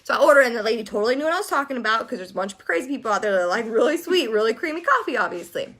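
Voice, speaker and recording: A young woman telling a story casually to her viewers, animated and exasperated as she vents. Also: on the high side, very fast. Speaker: vlogger.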